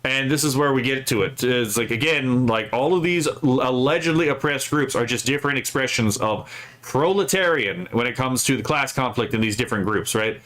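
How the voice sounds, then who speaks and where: Male streamer host, mid-pitched, loose profane commentary with lots of "right?" tags. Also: brisk, a bit bright. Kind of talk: casual political commentary.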